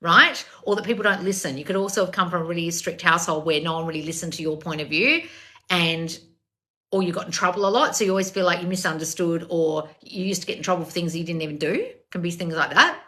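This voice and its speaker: A woman coaching on a livestream, her voice bright and forward. She answers viewer comments bluntly, swears freely and calls everyone darling. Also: on the low side, fast. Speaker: self-help coach.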